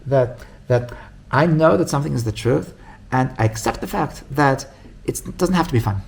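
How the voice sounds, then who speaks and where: Male rabbi, gravelly tone, energetic storyteller, many restarts, acts out quotes. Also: normal speed, a little hiss or hum. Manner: animated storytelling, acts out quoted voices with big pitch jumps; many restarts and repeated words. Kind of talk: storytelling Torah class.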